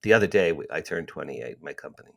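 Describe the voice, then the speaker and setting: A New Jersey man in his sixties, guesting on a podcast, tells his stories with a very deep, gravelly voice at a quick, animated clip. He acts out the dialogue and repeats lines for emphasis in this storytelling interview.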